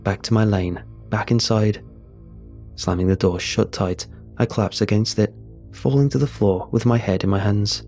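A man narrating a horror story in a measured, tense storytelling manner. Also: on the low side, a little mellow. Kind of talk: scripted narration. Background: faint music.

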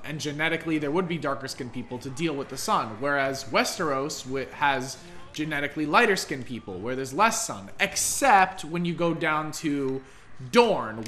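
Excitable let's play host, slightly high and very lively, swears freely. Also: male voice, slight background noise. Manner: animated, rambling, swears freely. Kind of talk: casual gaming commentary.

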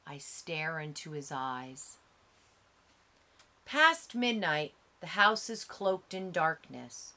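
Slow, bright-voiced woman narrating an audiobook. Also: fairly low pitch. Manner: slow, measured, dramatic reading.

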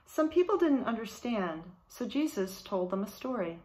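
A woman teaching in a children's ministry, reading a Bible storybook aloud to children in a slow, clear read-aloud manner. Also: a little high, sing-song, darkish tone.

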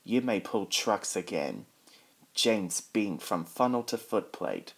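Slow, low-voiced man reading a storybook. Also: creaky, slightly rough. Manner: reads every character in his own voice, slow and even. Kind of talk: storybook read-aloud.

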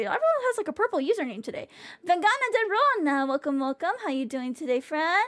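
A woman's voice: extremely high pitch, sing-song, a little fast, fairly bright tone, no room sound. A young woman streamer chatting casually with her viewers in a bubbly, rambling way and swearing now and then. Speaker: VTuber streamer. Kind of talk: casual livestream chat with viewers.

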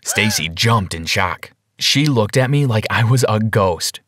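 A man narrating a first-person animated story in an expressive style, slowing down for dramatic reveals. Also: on the low side, a little hiss or hum.

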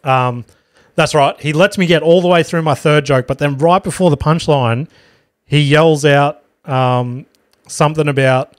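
A man's voice: medium pitch, no room sound, studio quality. An Australian man, a podcast host and comedian, telling a rambling story in casual talk, swearing freely and correcting himself as he goes.

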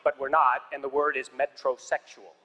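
Bright-voiced male stand-up comic in a hall. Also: mid-range voice, level tone, normal speed, highs cut off. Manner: dry storytelling with punchy one-liners. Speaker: stand-up comedian. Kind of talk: stand-up comedy set. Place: large theater stage. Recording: live hall reverb with audience noise.

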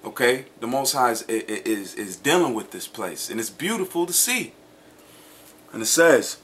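A man preaching a sermon and reading scripture aloud, emphatic, often checking in with "okay?" and "man", slowing down to stress words. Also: mid-range voice, sing-song, a bit bright.

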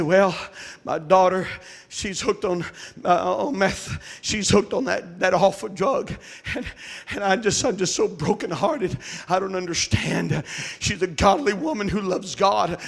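A man preaching a sermon as pastor, shouting his lines with a rhythmic "uh" between phrases. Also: high voice, creaky. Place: church.

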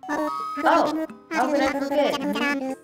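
A woman reading out a chatty male raccoon shopkeeper who tags his lines with "yes, yes?", in a roomy space with loud game music. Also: high voice, flat delivery, extremely slow, pitched above the performer's own voice. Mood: chipper. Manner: formal sales talk with "yes, yes?" tag. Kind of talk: reading game dialogue aloud.

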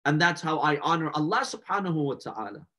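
A man delivers a mourning sermon in a fairly high voice. He tells the story with slow, deliberate emphasis and rising passion. He keeps turning to his listeners with direct rhetorical questions. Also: expressive, sharp tone. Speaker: religious lecturer.

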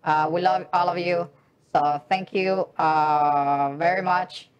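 A middle-aged woman hosting a casual game stream, chatting in a halting way with many fillers and repeated phrases. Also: on the low side, steady tone, clear, resonant tone, highs cut off. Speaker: streamer host. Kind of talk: casual gameplay stream chat.

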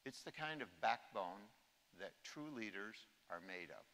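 A man's voice: fairly low pitch, expressive, a little slow, fairly bright tone. A man in his sixties giving an anecdotal keynote speech at a conference, telling humorous stories and acting out quotes. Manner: humorous storytelling, acts out quotes. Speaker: keynote speaker. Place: large conference hall. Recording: echoey hall.

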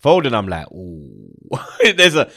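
A young man hosting a casual football chat, animated and slangy, swearing and laughing a lot. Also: medium pitch, normal speed, no room sound, clean studio sound. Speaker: football channel host.

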